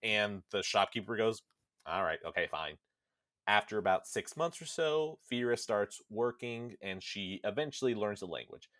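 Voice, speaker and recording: A man with a low voice recaps a video game's story for his podcast, casual and animated, acting out bits of dialogue as he goes. The sound is dry and close. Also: dry recording. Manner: animated storytelling, slips quickly into character quotes. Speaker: podcast host. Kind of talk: casual spoilercast retelling of a game story.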